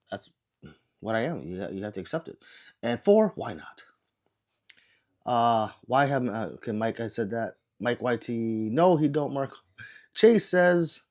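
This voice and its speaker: Sick man chatting through a livestream. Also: darkish tone. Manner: low-energy, chatty, reads comments aloud. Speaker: livestreamer reading chat. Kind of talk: casual livestream chat.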